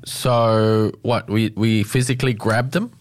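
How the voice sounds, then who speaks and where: A man's voice: on the low side, fairly even intonation, measured pace. A man hosting a radio show from a studio, talking in a playful, upbeat and jokey way. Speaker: radio host. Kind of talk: casual radio banter.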